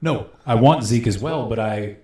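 A man's voice: medium pitch, normal speed, darkish tone. Chill guy defending his draft picks, echoey room sound. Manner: defensive, laid-back, repeats himself. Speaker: podcast co-host. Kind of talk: casual fantasy football chat. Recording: roomy echo.

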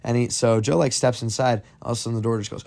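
Talking fast in a gravelly yet slightly mellow mid-range voice with fairly even intonation, a young man tells his friends a scary story on a podcast. It's a casual, meandering telling, thick with "like" and "um."

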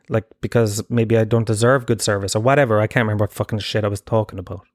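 A man's voice: medium pitch, dry recording, studio quality. A man hosting his own podcast, rambling through stories in a casual, self-mocking way and swearing freely. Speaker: podcast host. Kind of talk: comedic casual monologue.

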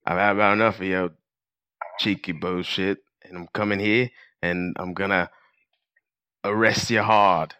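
A man's voice: deep voice, fairly even intonation, unhurried, pushed and bright, clear, resonant tone, no room sound. A man putting on a clumsy English accent to play a swaggering cop arresting a judge. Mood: aggressive. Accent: put-on English, clumsy.

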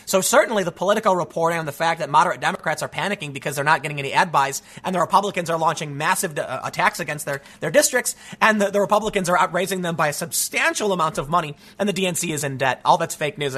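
A man's voice: fairly high pitch, fast talker, sharp tone. A man giving solo political commentary as host, ranting in a frustrated, emphatic way with many restarts.

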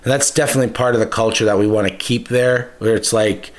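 Young man, podcast co-host, rambling profane storyteller, mid-pitched voice. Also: fairly even intonation, fast talker. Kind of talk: casual storytelling chat.

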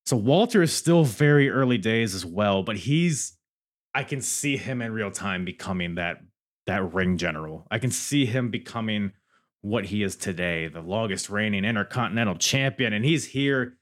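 A man's voice: fairly low pitch, expressive, moderate pace. A man hosting a podcast, chatting casually and enthusiastically as he reviews old wrestling matches, often laughing. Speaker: podcast host.

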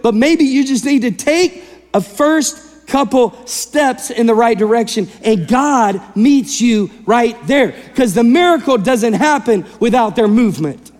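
A male pastor preaching a sermon in an animated way, acting out the people in the story and swinging between loud and hushed delivery. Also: very high-pitched, measured pace, big-room sound.

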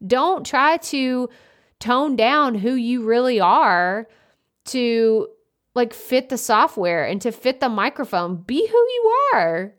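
A woman hosting a solo podcast, talking loudly and energetically in a casual, chatty way into a close microphone. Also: on the high side, expressive, slow. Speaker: podcast host. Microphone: studio podcast microphone up close.

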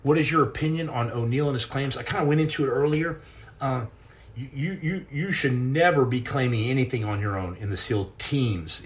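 A man's voice: mid-range voice, fairly bright tone. A middle-aged man hosting a casual live chat and answering questions, telling rambling, jokey stories with many restarts and repeated words.

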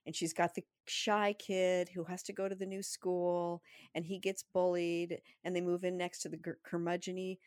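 A woman co-hosting a casual chat podcast, ranting in an animated way and laughing often. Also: on the low side, moderate pace, few pauses, no echo, studio quality. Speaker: podcast co-host.

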